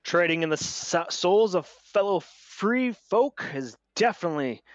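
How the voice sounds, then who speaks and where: A man's voice: high voice, expressive, a little slow, no room sound, pitched above the performer's own voice. A man voicing a flamboyant, boastful masked bard who exclaims grandly. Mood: pompous.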